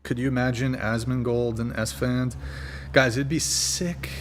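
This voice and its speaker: A man's voice: mid-range voice, little pitch movement, unhurried, a little hiss or hum. Young male streamer host, rambling and profane, casual chat at a desk mic, mid-range voice. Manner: loose, rambling, swears casually.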